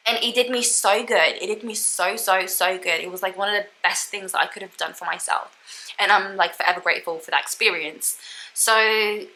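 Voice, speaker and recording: Young woman, casual reflective vlog chat, bright tone, chatty filler-heavy delivery. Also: medium pitch, normal speed, low-quality recording. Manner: chatty, says "you know what I mean" and "like" a lot. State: tearful, emotional. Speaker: travel vlogger.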